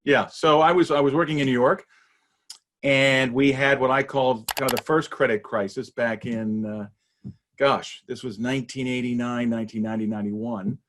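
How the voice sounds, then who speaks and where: A man in his fifties with an American accent, answering interview questions in a relaxed, measured way. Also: mid-range voice. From United States. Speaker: guest, company founder.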